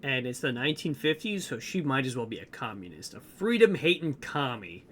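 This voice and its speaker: A man's voice: medium pitch, very animated, a little fast, pushed and bright. A young man co-hosting a podcast, retelling a movie plot in rambling casual chat with lots of fillers. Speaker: podcast co-host.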